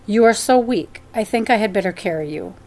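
Kind, soft-spoken spirit brother, read by a woman in a plain audiobook voice. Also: medium pitch, animated, a little fast, natural voice. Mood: gentle. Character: gentle kindly man, a departed brother. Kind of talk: audiobook reading.

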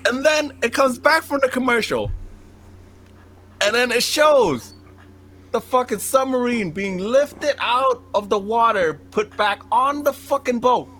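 A man's voice: very high voice, unhurried. A young man telling a long comic story to friends, swearing constantly and acting out the lines he quotes. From Cambodian. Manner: animated, heavy swearing, acts out quotes. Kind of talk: profane comedic storytelling among friends.

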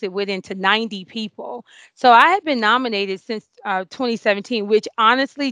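A woman in her forties, a nurse being interviewed, telling an emotional story with many fillers and excited outbursts. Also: a little high, no room sound. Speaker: award-winning nurse guest.

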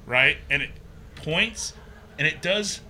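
Bright-voiced man telling a spooky story. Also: takes it slowly, slight background noise. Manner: animated, acts out quotes with pitch jumps. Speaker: guest telling a ghost story. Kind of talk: casual storytelling.

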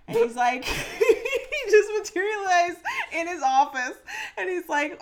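A woman with a fairly high voice co-hosting a casual podcast. She is playful and giggly, laughing through her own made-up tale. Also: lively intonation, normal speed. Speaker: podcast co-host. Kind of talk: casual chat.

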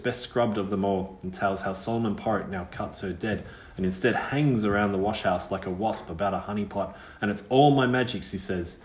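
A man's voice: lowish voice, reverberant, lightly acted. A man voicing a pert, wary young witch girl's ghost who speaks in a rustic country dialect.

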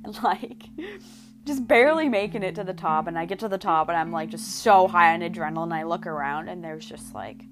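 A young woman from Canada gushing about a trip in a casual vlog, her voice sitting on the lower side for a woman. She swears freely and strings every phrase together with "like." Plucked guitar music plays clearly behind her. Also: fast talker, few pauses. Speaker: vlogger. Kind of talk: casual chat.

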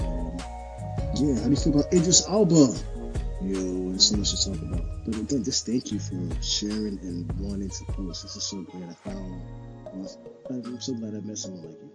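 A man's voice: on the low side, rough recording. A man from New York calling in to a chat show, enthusiastic and slangy, laughing now and then. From New York City. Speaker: caller. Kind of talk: casual chat.

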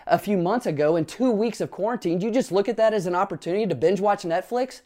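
A man's voice: sits high, mellow. A man preaching a sermon as pastor, earnestly asking his listeners rhetorical questions and telling personal family stories.

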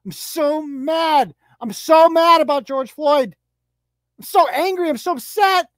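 A woman's voice: high voice, unhurried, no echo, clean studio sound, voice pushed up. A woman putting on a whiny, smug suburban activist. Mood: mock-outraged. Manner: whiny, mock-earnest.

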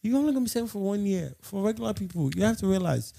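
Gravelly Nigerian guy joking around. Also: high voice, rapid-fire, no room sound. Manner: joking, teasing, animated. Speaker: podcast co-host. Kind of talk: casual banter.

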